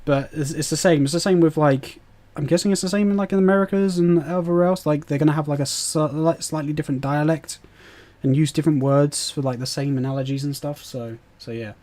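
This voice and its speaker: A man's voice: on the high side, steady tone, a little fast, warm tone. A British man streaming a game live, chatting and rambling as he answers his chat with fillers and laughs. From Britain. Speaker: gaming streamer.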